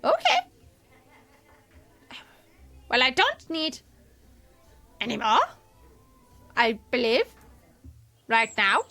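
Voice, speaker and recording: A woman's voice: fairly high pitch, sing-song, slow, bright, forceful tone, soft background music, exaggerated voice. A woman voicing a tiny ancient male alien sage who talks with his words in backwards order, playful on a live game stream. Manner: inverted word order, playful.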